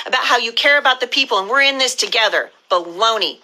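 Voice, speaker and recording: Middle-aged woman ranting on a live stream, super bright sharp voice, kinda high, all fired up. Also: expressive, quick pace, few pauses, faint music behind, low-quality recording. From US Pacific Northwest. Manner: fiery, indignant, preachy. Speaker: political candidate. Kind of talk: impassioned live-stream address.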